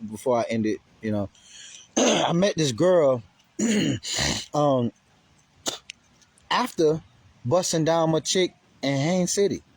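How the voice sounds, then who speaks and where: A man's voice: a little high, animated, slow, vocal fry, pauses often, no echo. A man vlogger telling a rambling, profane story in casual speech heavy with slang.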